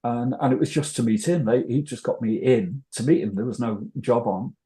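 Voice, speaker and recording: A man's voice: mid-range voice, normal speed, mellow. An older man with a North Welsh accent, telling rambling, self-deprecating stories as an interview guest. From North Wales. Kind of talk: casual interview storytelling.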